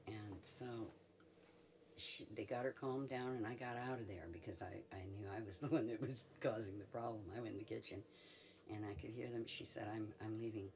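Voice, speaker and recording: A woman's voice: a bass voice, a little fast, a little mellow, recorded from a distance, a little hiss or hum. An older woman, a medicine woman, telling a personal story in an interview, chuckling often as she goes.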